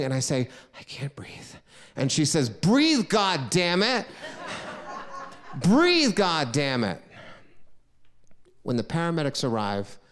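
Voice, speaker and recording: A middle-aged man from the United States telling a true story on stage, animated, swinging from loud outbursts to hushed lows. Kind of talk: live solo storytelling performance.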